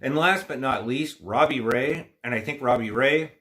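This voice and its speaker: A man's voice: mid-range voice, moderate pace, fairly bright tone. A man hosting a casual livestream chat, talking in a rambling, opinionated, frustrated way, with a stuffy nose from allergies. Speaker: livestream host.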